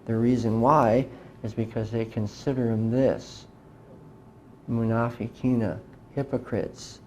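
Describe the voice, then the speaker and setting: A man's voice: mid-range voice, fairly even intonation, unhurried, a little mellow, muffled recording, a little hiss or hum. A middle-aged man giving an emphatic lecture to a live audience, often asking rhetorical questions. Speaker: speaker lecturing on religion.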